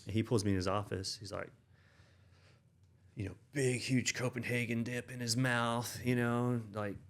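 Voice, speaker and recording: A man's voice: mid-range voice, little pitch movement, normal speed. A man in his thirties, an Army veteran and interview guest, telling stories in a rambling casual way full of fillers and restarts. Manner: rambling, many fillers and restarts, acts out quoted dialogue.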